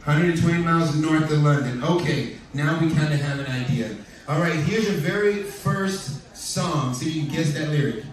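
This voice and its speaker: A man working as cruise director, hosting a chatty, joking trivia warm-up for a theater audience. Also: on the high side, moderate pace. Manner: upbeat, chatty, joking with the crowd. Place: large ship theater stage. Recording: distant, echoey theater PA recording. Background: audience crowd reacting.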